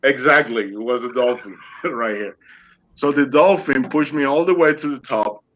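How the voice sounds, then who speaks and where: A man's voice: medium pitch, normal speed, a bit bright. Male guest, dramatic storyteller, broken English, muffled call audio. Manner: vivid storyteller who acts out his own quoted lines; loose non-native English grammar. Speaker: interview guest. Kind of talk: casual storytelling interview.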